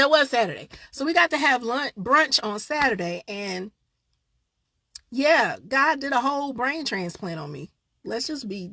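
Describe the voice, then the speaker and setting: A woman with a gravelly, slightly husky voice hosts a casual live online show. She talks frankly and warmly straight to her viewers. The sound is close and dry. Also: on the high side, no room sound.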